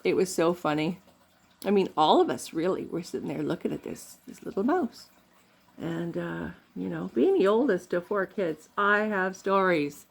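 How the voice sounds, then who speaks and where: A woman's voice: lowish voice, normal speed, vocal fry, dark tone, husky. An older woman from Canada telling rambling, funny family stories in a casual vlog, laughing often. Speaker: vlogger.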